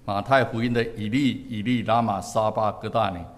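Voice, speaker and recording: A man preaching a sermon in short, measured phrases, pausing so his words can be interpreted. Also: lowish voice, fairly even intonation, long reverb tail. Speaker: pastor.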